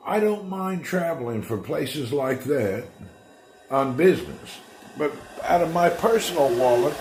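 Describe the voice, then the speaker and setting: A relaxed man talks to his viewers on a live stream, chuckling often. His voice swings up and down as he talks. He speaks at an unhurried pace in an echoey room. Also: a little high, background noise. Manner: laid-back, laughs often, chats with viewers. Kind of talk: casual live-stream chat. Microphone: streaming setup. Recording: roomy echo.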